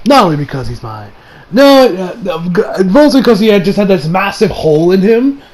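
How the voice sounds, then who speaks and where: A man's voice: high voice, big pitch swings, moderate pace, a little mellow, poor audio. A man recapping an anime episode in a casual, rambling way, with frequent restarts and laughter. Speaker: anime reviewer.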